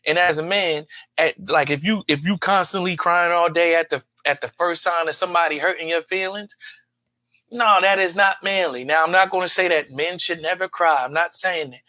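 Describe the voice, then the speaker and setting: A man's voice: fairly high pitch, moderate pace, pushed and bright, no echo. Emphatic man in a dry room. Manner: emphatic, repeats words for stress. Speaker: podcast co-host; father. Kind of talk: casual group chat.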